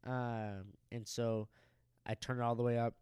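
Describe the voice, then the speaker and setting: A young man co-hosting a podcast, telling a crude story in a loose, animated way and acting out the people in it. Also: mid-range voice, unhurried, smooth, no room sound, clean studio sound. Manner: animated, profane, acts out quoted people. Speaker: podcast co-host.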